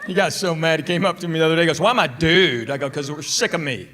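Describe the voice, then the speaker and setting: A male stand-up comedian telling stories in a deadpan way, acting out both sides of the back-and-forth dialogues. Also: on the high side, quick pace, heavy background noise. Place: comedy club stage. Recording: loud audience laughter.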